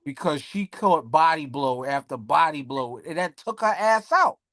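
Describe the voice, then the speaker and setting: A man's voice: fairly high pitch, lively intonation, normal speed, a bit bright, no room sound, studio quality. A man co-hosting a casual podcast chat, cracking jokes, swearing freely and boasting about his punchlines. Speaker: podcast co-host.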